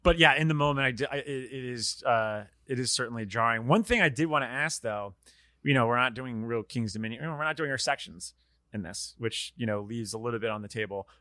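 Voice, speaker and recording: Brief: man, podcast host, bright forceful tone, dry close mic, loose rambling talk. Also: mid-range voice, fairly quick, no echo. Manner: rambling, restarts, swears casually. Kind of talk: casual book discussion.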